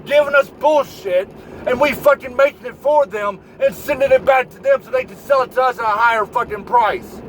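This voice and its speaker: A man's voice: extremely high pitch, normal speed, low-quality recording. A man delivering a profane political rant, lecturing the listener directly and swearing freely. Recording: outdoor traffic noise behind voice.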